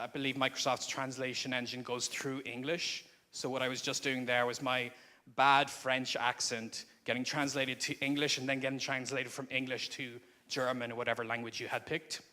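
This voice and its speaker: A man's voice: medium pitch, fairly bright tone. A man giving a live presentation to an audience at a conference, speaking into a microphone in a conversational, explanatory way. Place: conference room before an audience.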